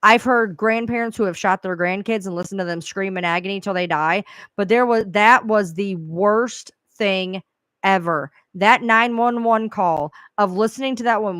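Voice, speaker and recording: A woman's voice: mid-range voice, moderate pace, fairly bright tone, no room sound, studio quality. A woman who covers true crime, talking bluntly and with profanity in a casual chat.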